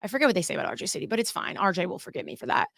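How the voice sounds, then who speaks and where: A woman's voice: on the low side, big pitch swings, rapid-fire, creaky, fairly bright tone, no echo, studio quality. A young woman hosting her own podcast, talking casually and candidly, and swearing freely as she chats. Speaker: podcast host. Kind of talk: casual solo podcast commentary.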